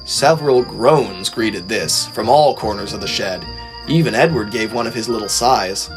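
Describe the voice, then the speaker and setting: A man narrating a storybook, reading in a lively, expressive way. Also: lowish voice, normal speed, music in the background.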